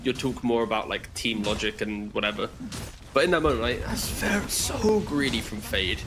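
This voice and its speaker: A man who is a former coach, giving relaxed color commentary in an easygoing, chatty way and laughing along. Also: mid-range voice, normal speed, noisy background. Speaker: esports co-caster, former coach.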